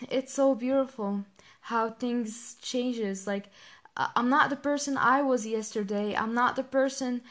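A young woman's fairly high voice talks slowly through a personal podcast monologue. She is emotional and halting, with many pauses and restarts as she reflects. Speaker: podcast host.

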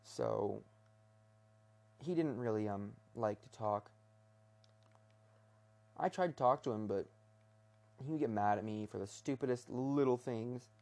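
A man's voice: mid-range voice, a little slow, pauses often, a little mellow. A young man rambling casually in his bedroom, talking hesitantly with many restarts and fillers. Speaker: vlogger.

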